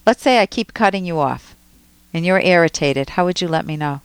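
A woman's voice: fairly low pitch, animated, fairly quick, smooth, dry recording. A woman hosting a call-in advice show, coaching a caller directly and acting out examples. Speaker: radio advice show host.

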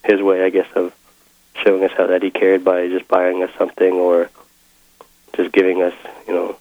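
A young man calling in to a radio advice show, talking hesitantly with many pauses and restarts. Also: low voice, monotone, no echo. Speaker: caller. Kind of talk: phone call to radio show. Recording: tinny phone line.

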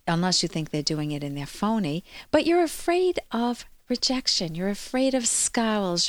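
A woman hosts a radio advice show as a clinical psychologist, explaining ideas to her listeners in an earnest, lecturing manner. Her voice sits at an ordinary middle pitch for a woman. The sound is close and dry, with no room echo.

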